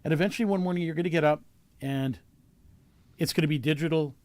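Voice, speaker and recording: The host of a casual talk show, a man from Canada, talks fast and keeps restarting and filling as he asks earnest questions. His pitch is fairly high and his tone darkish, captured in a dry recording.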